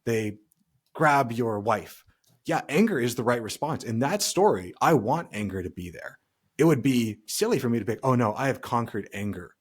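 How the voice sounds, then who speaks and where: A man's voice: mid-range voice, big pitch swings, moderate pace, slightly rough. A man co-hosting a podcast in casual chat, rambling and talking through hypothetical scenarios. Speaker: podcast co-host.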